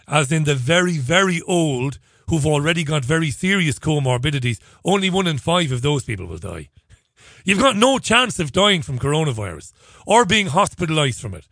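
A man hosts a radio show in a chatty, sarcastic and jokey way, his voice pitched a little high. The studio sound is very dry and close, with no room in it. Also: big pitch swings, normal speed, fairly bright tone, no echo. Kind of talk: opinionated radio monologue.

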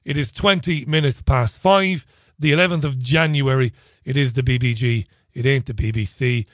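A man's voice: mid-range voice, normal speed, dry recording, studio quality. A man hosting a radio show, talking in a chatty, sarcastic, jokey way between stories and listener tweets. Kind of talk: opinionated radio monologue.

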